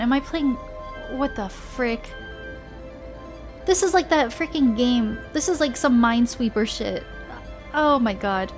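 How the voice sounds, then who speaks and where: A woman streaming a video game live, anxious and swearing as she talks to herself and thanks viewers. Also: on the high side. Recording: faint music behind.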